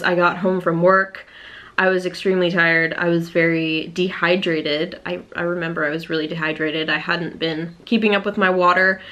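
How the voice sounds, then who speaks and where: A woman's voice: on the low side, a bit bright. Frank young woman vlogging casually. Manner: frank and open, sprinkled with casual swearing. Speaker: vlogger preparing for a physique competition. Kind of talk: candid casual vlog talk.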